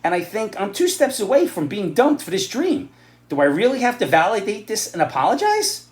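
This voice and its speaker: A middle-aged man rants in a blunt, sarcastic monologue, his pitch swinging widely from low grumbles to sharp, loud jabs. He speaks in an echoey room. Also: sing-song, a little fast. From New York area. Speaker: vlogger giving opinions and advice. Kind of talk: ranting opinion monologue.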